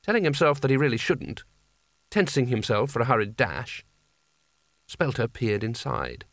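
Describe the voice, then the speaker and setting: Casting: measured, wry male audiobook narrator, mid-range pitch, dry studio sound. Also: very animated, fairly bright tone, no room sound. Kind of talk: scripted narration.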